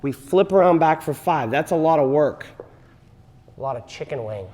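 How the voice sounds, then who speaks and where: A man's voice: on the high side, lively intonation, normal speed, a little mellow. A man teaching a partner dance class, explaining moves and counting the beats aloud. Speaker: dance instructor. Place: dance studio. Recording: long hall reverb.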